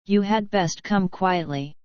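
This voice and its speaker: A woman reading the lines of a curt, cold young army captain in an audiobook, in a dry, clipped and deliberate manner. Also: mid-range voice, clean tone, no room sound, natural voice. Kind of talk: audiobook narration. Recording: dull, dry recording.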